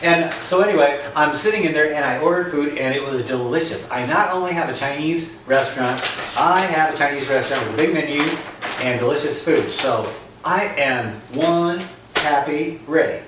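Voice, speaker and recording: A man's voice: on the high side, moderate pace, background noise. A man chatting and joking straight to his viewers as a gardening vlogger, at home. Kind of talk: casual chat to camera. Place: indoors at home. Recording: echoey room, mic far off.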